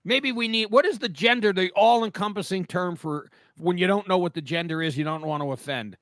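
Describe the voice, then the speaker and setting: Bright-voiced man telling animated stories. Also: high-pitched, fairly quick, dry recording, studio quality. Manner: animated storyteller who acts out quoted voices. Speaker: podcast co-host. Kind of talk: casual anecdote telling.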